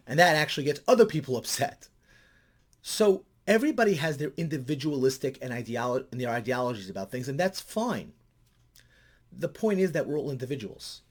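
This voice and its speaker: In his vlog, a middle-aged man who works as a counselor comments and tells lively stories. When excitement takes over, his voice rises high.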